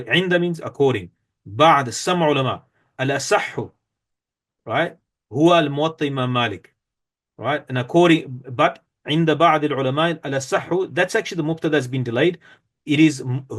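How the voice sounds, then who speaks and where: Reading from a textbook, a man with a fairly high-pitched voice walks through an Arabic grammar lesson step by step. His explanation is full of fillers and self-corrections.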